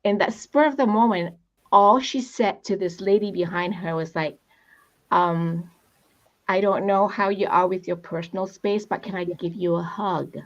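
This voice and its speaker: A woman on a panel talking casually, telling a heartfelt story with lively emphasis and a habit of asking "right?". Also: medium pitch, normal speed, highs cut off. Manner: expressive, storytelling, repeats "right?". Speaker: panel speaker. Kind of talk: conversational panel talk.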